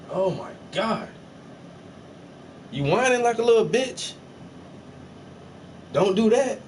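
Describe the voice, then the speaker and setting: A man's voice: high-pitched, expressive, slow pace, pauses often. A man painting on a livestream, bantering with his chat in a joking, profane, teasing way. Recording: slightly distant mic, faint air-conditioner hum.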